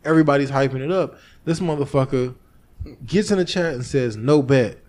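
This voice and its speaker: A man hosting a podcast in casual chat, telling a story with lively energy, acting out what he and others said, and swearing freely. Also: mid-range voice, a little fast. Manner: animated storytelling, acting out his own past lines, swearing freely. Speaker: podcast host.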